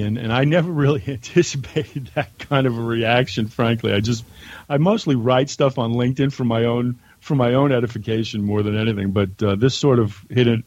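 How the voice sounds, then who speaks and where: A man's voice: medium pitch, normal speed, darkish tone, no room sound, muffled recording. A man from the United States, a podcast guest, reading his own letter aloud in a blunt, conversational way on a remote call. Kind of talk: casual chat and reading aloud.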